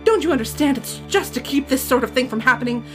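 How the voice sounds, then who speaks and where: A woman's voice: high-pitched, lively intonation, fast, over music, voice pushed up. Field: role. Figure: a woman reading as a seething, acid stepmother. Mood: scolding. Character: furious strict stepmother, adult woman.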